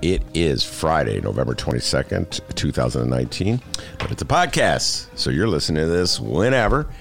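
Deep-voiced rambling podcast host, a man. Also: brisk, creaky, soft background music. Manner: animated, rambling, jokey asides. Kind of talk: casual interview chat.

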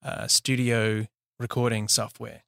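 Gravelly New Zealand man, flat delivery. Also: mid-range voice, unhurried, dry recording, studio quality. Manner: relaxed, laughs easily, many fillers. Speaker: company founder, guest. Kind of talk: casual interview.

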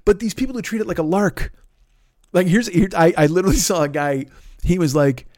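Guy with a high voice going off on a sweary comedy rant, podcast host, dry close mic. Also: fairly quick, no echo. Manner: animated, mocking, lots of swearing and put-on voices.

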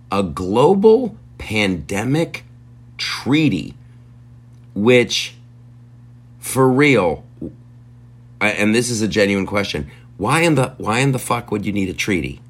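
A man hosting a comedy podcast, ranting in a profane, incredulous way with stumbling restarts. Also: low-pitched. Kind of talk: rambling comedic rant.

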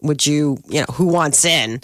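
A woman's voice: low-pitched, moderate pace, a bit bright, no room sound, clean studio sound. A woman co-hosting a radio show, talking casually and playfully about movies and celebrity gossip. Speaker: radio co-host. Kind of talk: casual chat.

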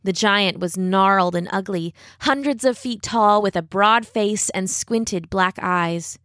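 Female narrator for a fairy-tale read-aloud, mid-pitched, expressive, close and dry sound. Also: no echo. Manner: expressive, dramatic slowing at tense moments. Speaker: storyteller.

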